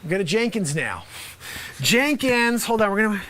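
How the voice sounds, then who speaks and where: A man playing a brash loud basketball coach. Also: sits high, sing-song, moderate pace. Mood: bossy. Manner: loud, bossy, rambling with asides. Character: brash male high school basketball coach. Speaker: improv comedian host. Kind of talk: improv comedy sketch.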